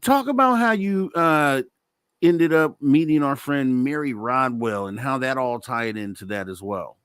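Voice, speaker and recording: A male radio host talking casually and relaxed, affirming his guest and asking him questions. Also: mid-range voice, a little slow, clean tone, no echo, studio quality. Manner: relaxed, affirming, lots of fillers. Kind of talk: casual interview.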